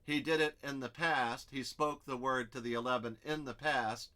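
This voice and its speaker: A man's voice: medium pitch, fairly even intonation, normal speed, bright, forceful tone. A man teaching an expository Bible study, explaining step by step and thinking aloud as he works through the text.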